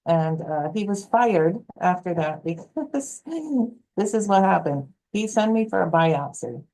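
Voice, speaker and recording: A woman health coach speaks as an interview guest, her voice mellow and a bit low. She tells her stories with animation, acting out what others said, and gives practical advice in an easygoing way. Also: slow pace, slight background noise, poor audio. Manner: animated, acts out quoted voices. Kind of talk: storytelling interview answer.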